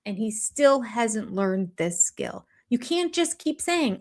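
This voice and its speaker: A woman's voice: fairly high pitch, very animated, measured pace, hardly any pauses. An older woman giving blunt, sarcastic reaction commentary on a reality TV show.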